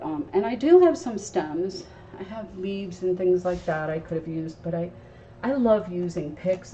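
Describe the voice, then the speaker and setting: A woman's voice: on the low side, mellow, distant mic. A woman hosting a live crafting tutorial, chatting to her viewers as she works at her craft table. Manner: chatty, instructive, talks to viewers while working. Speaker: craft show host. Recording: dull sound from off-mic with faint noise.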